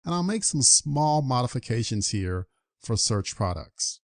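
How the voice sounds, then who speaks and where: A man's voice: mid-range voice, very animated, unhurried, dry recording, studio quality. A man teaching programming in a screen-recorded coding tutorial, upbeat and walking through each step aloud. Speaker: programming instructor.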